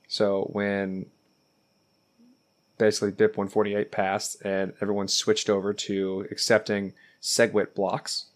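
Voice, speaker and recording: A man co-hosting a casual podcast, speaking bluntly with many fillers. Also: on the low side. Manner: blunt, outspoken, filler-heavy. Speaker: podcast co-host.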